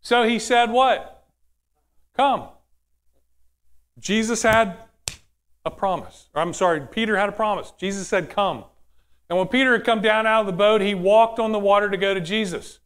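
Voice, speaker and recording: A male preacher delivers a conversational sermon, often turning to ask the audience questions. His voice sits high for a man, and he shifts between quick asides and slow, weighty points. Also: a bit bright, smooth.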